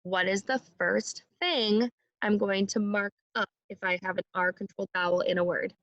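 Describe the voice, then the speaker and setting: A woman teaching phonics to a young class, slow and encouraging, sounding each word out for the children to repeat. Her voice sits at a middle pitch. The recording is dry and close, with no room around it. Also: fairly even intonation, a bit bright, dry recording, highs cut off.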